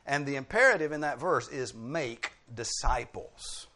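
Man, preacher, teaching sermon, mid-pitched voice, emphatic, wry asides. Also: animated, measured pace, sharp tone. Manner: explanatory, teacherly, with dry humorous asides.

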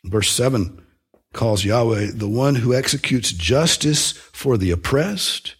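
A man preaching a sermon in an earnest, emphatic way, slowing down to stress key phrases. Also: medium pitch, lively intonation, breathy edge.

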